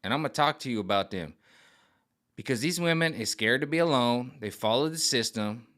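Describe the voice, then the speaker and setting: A man ranting comedically to camera, rambling and animated, jumping in and out of voices. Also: mid-range voice, brisk. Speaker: vlogger. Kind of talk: comedic rant.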